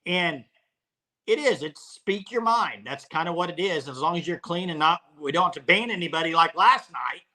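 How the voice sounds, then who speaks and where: A man hosting a live sports talk show, relaxed and conversational, speaking to the chat. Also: on the high side, normal speed. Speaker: host.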